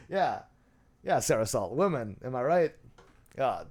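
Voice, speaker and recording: A man's voice: medium pitch, very animated, slow, darkish tone. A man hosting, reading messages aloud with dry, sarcastic, mock-serious commentary. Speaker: host.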